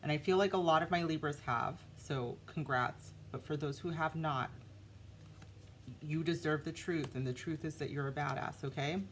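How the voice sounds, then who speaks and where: Woman tarot reader, a little low-pitched, chatty and animated, faint noise in the recording. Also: normal speed. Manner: animated, talks straight to the viewer. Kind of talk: casual tarot reading to camera.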